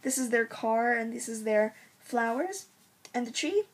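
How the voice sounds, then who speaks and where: A woman's voice: on the high side, animated, measured pace, husky. A teenage girl recommending her favorite books in a rambling, gushing way, full of ums and likes. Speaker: book vlogger. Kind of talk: casual book recommendation vlog.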